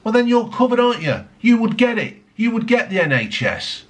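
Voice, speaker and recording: A British vlogger rants angrily about politics, swearing heavily, mocking people, and piling on tag questions. His very high-pitched voice is brisk and extremely animated.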